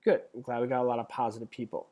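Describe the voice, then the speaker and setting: A man's voice: mid-range voice, little pitch movement, racing, warm tone. Chatty man reading quiz questions. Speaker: real estate exam instructor. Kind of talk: live webinar teaching.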